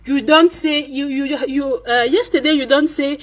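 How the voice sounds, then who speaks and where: A French-speaking woman with a high voice and fairly even intonation talks at normal speed in a casual message to a fellow live-streamer. She's a vlogger who speaks hesitantly, switching between English and French and using lots of fillers.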